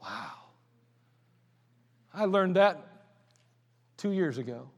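A male pastor preaching a folksy sermon, telling stories and swinging from loud to quiet. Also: high voice, expressive, moderate pace. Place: church sanctuary. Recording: long hall reverb in a church.

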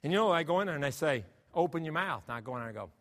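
A man preaching in a church sanctuary, his high voice swinging widely in pitch as he presses rhetorical questions on the congregation. The sound is bright and ringing, carried by a long hall reverb. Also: big pitch swings, racing. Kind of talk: sermon.

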